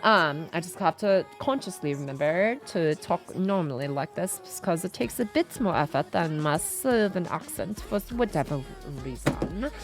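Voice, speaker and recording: A woman's voice: lowish voice, expressive, normal speed, few pauses, faint music behind. A woman streamer speaking in a put-on British accent, using formal, stilted phrasing during a game livestream. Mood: mock-posh. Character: exaggerated prim British version of the streamer herself.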